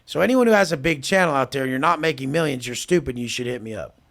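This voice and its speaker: A man's voice: medium pitch, expressive, quick pace, vocal fry, a bit bright. A man talking as a podcast guest, brash and profane, mocking people as he acts out both sides of past conversations. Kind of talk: casual podcast talk.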